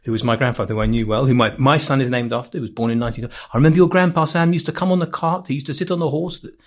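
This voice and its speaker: A man rattles through family anecdotes at a rapid clip. He is wry and jokey, breaking off and restarting mid-sentence, and his pitch sits in a middling range. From England. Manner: rambling, self-interrupting storyteller with frequent restarts. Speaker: podcast guest. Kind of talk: casual chat.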